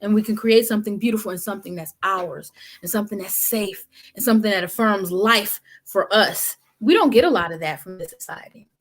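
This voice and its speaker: A woman's voice: medium pitch, brisk. A woman guest talking in an impassioned, emphatic, colloquial way, like a preacher. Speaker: guest speaker. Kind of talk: impassioned conversation.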